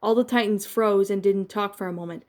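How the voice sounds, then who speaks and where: Woman, narrator, fan-fiction reading, plain, halting, small restarts. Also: mid-range voice, darkish tone.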